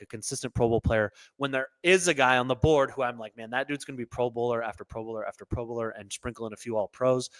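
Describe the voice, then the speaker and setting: A man's voice: mid-range voice, fairly bright tone, no room sound. Fired-up man ranting on sports picks. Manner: opinionated, rants, repeats himself. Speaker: sports show host. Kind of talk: solo sports commentary.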